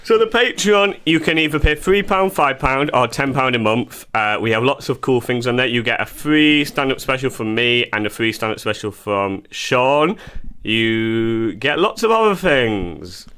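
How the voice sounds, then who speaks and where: A comedian co-hosting a podcast, talking in a playful, self-mocking way in casual chat. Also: male voice, mid-range voice, lively intonation, normal speed, bright, forceful tone, clean tone.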